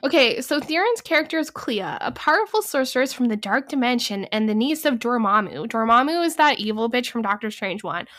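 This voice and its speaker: Brisk and sing-song, with few pauses, this young podcast co-host has a slightly high, somewhat bright voice. She chats casually about movies, rambling, cursing, and saying "like" constantly.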